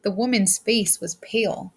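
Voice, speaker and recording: A woman reading a short story aloud as a steady, plain narrator. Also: medium pitch, a little slow, slightly rough. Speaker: audiobook reader. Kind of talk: scripted narration.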